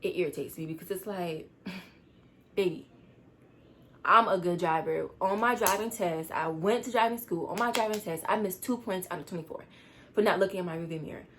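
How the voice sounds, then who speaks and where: A teenage girl telling a storytime vlog, rushed and rambling as she tries to calm down. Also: on the low side, a little hiss or hum. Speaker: vlogger.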